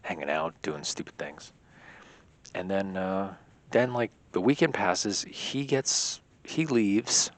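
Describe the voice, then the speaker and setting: A man's voice: sits low, slow pace. A young man telling a rambling personal story in a casual vlog, leaning heavily on filler words. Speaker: vlogger.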